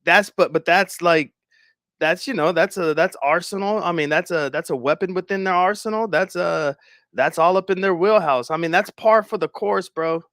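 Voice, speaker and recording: Young male stream host, casual and profane, high lively voice, dry close sound. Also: moderate pace, no room sound. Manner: animated, swearing, laughing, talking to chat. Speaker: livestream host.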